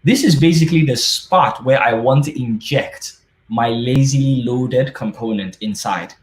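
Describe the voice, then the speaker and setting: A man gives a live-coding talk at a conference in a loose, conversational way, trailing into fillers and correcting himself mid-sentence. His pitch sits in an ordinary middle range. The room around him adds a noticeable echo. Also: measured pace. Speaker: conference speaker. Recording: roomy echo.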